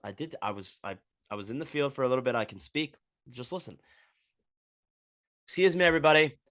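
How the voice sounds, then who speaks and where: A man hosting a podcast, delivering a crude, animated comedic monologue and acting out scenes. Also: medium pitch, quick pace, no echo. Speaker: podcast host.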